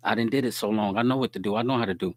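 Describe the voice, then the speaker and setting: A man's voice: on the low side, very fast, dry recording. A man giving a streetwise, preachy faith-based talk straight to his listeners.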